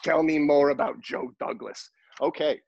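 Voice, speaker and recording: A man's voice: a little high, steady tone, moderate pace, vocal fry, dull audio, a little hiss or hum. A man co-hosting a podcast in casual chat, telling rambling, joking stories. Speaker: podcast co-host.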